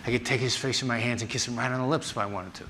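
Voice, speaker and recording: A man who teaches negotiation gives a storytelling talk, acting out the people in his anecdotes with lively voices. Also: medium pitch, racing, slight background noise. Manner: animated, acts out the people in his stories. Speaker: negotiation instructor and former FBI agent giving a talk.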